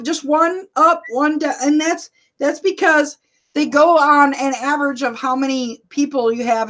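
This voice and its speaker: A middle-aged woman hosting a casual livestream, loud and laughing often as she reads viewer comments. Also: high-pitched. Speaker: livestream host and rideshare driver.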